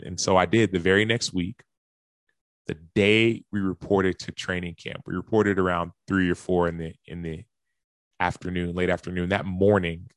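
A man's voice: deep voice, no room sound. A man, a professional athlete, earnestly telling a personal story in a speech and acting out the lines and gasps of the people in it.

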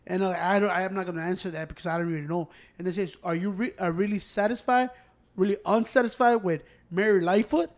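High-voiced, foul-mouthed man telling a story. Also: fast talker. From United States. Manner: profane, animated, switches between English and Spanish. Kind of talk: casual storytelling among friends.

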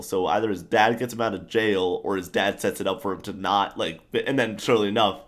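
Brief: young adult male co-host, low-pitched, loose and enthusiastic, rambles and spikes up when excited. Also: fairly quick, hardly any pauses. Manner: enthusiastic, rambling, animated outbursts. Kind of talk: casual TV show discussion.

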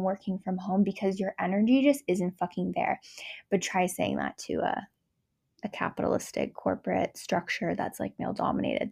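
A woman's voice: mid-range voice, creaky, dark tone. A young woman giving a frank, rambling casual monologue, full of "like" fillers and swearing. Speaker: astrology content creator.

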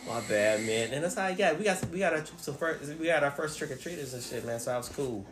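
A man telling stories in casual chat, profane and animated, acting out what people said. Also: on the high side, fast, reverberant, background noise. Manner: profane, animated storyteller who acts out quotes.

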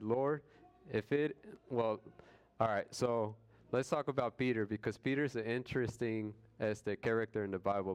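A man with a smooth, low voice leads a relaxed Bible study. He retells scripture in casual street language and now and then slips into playful quoted voices. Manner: conversational, retells scripture in slangy everyday words; acts out quoted voices with jokes.

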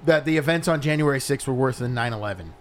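A man's voice: mid-range voice, animated, fast. A man co-hosting a podcast in casual banter, making dry, skeptical asides. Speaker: podcast co-host.

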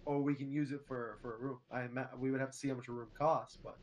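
A man's voice: medium pitch, flat delivery, fast, a little mellow. Casual male tabletop player. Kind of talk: casual tabletop game talk.

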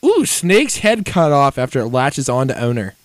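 A man's voice: medium pitch, huge pitch swings, normal speed, no room sound. A man co-hosting a casual podcast chat, crude and joking, laughing often. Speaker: podcast co-host.

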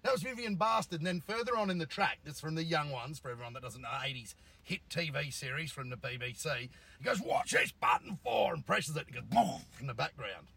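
A middle-aged man with a husky voice, co-hosting a casual car podcast from a car, jokey and laughing often. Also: fairly high pitch, animated, fast, sharp tone. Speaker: podcast co-host.

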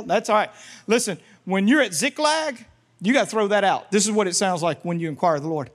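Male pastor, high voice, lively call-and-response preaching with acted-out voices. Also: brisk. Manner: animated, call-and-response with congregation, acts out prayers and voices. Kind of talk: sermon.

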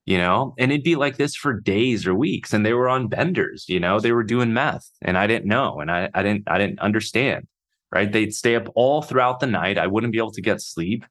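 Low-voiced guy rambling through his own story unscripted, lots of "like", swears a bunch. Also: fairly bright tone. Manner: halting, heavy on fillers, swears casually. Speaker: podcast host.

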